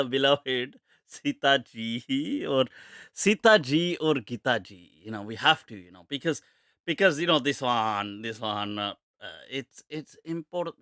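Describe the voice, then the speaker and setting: A man's voice: medium pitch, a bit bright, dry recording, studio quality. Jokey man hosting a live Q&A. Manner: jokey, laughs often, mixes Urdu phrases. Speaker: host of a live Q&A show. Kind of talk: casual live-stream chat.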